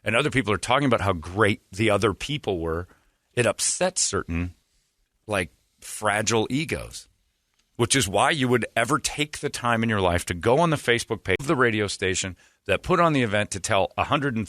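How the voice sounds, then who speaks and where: A man hosting a podcast, telling stories in a sarcastic, animated casual chat. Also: fairly low pitch, no echo, clean studio sound. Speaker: podcast host.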